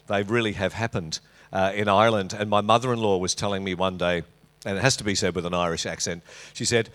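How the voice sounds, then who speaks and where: A man's voice: sits low, steady tone, fast talker, fairly bright tone. A middle-aged man with an Australian accent, preaching a sermon to his congregation in a church, full of teasing banter and jokes. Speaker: pastor. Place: church auditorium.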